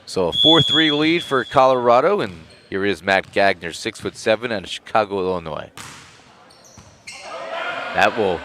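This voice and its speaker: Excitable man calling volleyball over gym noise. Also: on the low side, moderate pace, long pauses. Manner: excitable, voice jumps up on big plays. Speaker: play-by-play commentator. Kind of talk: live volleyball commentary.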